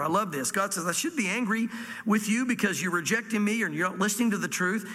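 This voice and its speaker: Bright-voiced pastor preaching in a hall. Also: male voice, high-pitched, fast talker. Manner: animated, dramatic readings of scripture with whispered asides. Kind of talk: expository sermon.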